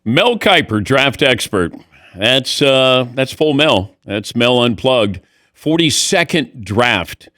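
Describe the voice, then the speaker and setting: A man's voice: mid-range voice, very animated, slow, bright, forceful tone, no echo. A man in his sixties hosting a radio talk show, speaking in a dry, teasing, emphatic way. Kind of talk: casual radio interview.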